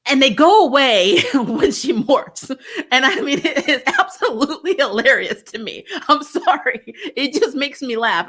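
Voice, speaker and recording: A young adult woman giving a casual review, animated and laughing often as she mimics voices. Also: fairly high pitch. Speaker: show reviewer.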